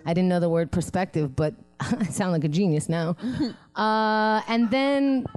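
A woman in her thirties, born in Israel and raised in Queens, chatting on a live comedy podcast in an animated, self-mocking way and laughing often. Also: lowish voice, measured pace. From Israel, grew up in Queens. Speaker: guest comedian. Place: small live venue.

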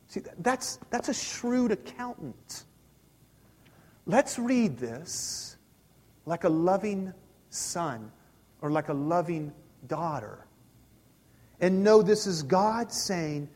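A man's voice: high-pitched, sing-song, slow. A man in his forties preaching a sermon in a church, talking casually with the congregation and asking them questions. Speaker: pastor. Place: church sanctuary. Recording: hall reverb.

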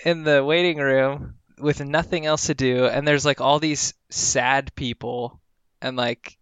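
A man's voice: medium pitch, steady tone, measured pace, fairly bright tone, smooth, no room sound, highs cut off. A man in casual chat, telling a rambling story with lots of filler words.

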